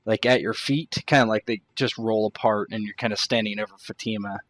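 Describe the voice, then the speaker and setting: A man's voice: fairly low pitch, fairly even intonation, a little fast, a bit bright. A man narrating as game master in a tabletop role-play, hedging his descriptions with fillers.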